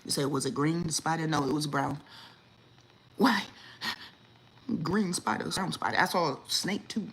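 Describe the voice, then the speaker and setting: A woman, hosting a casual livestream chat and telling stories in a lively, indignant way, acting out what people said. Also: low-pitched, moderate pace, pauses often, low-quality recording. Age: 40s. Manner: animated storytelling, acts out quotes, lively and indignant. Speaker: livestream host.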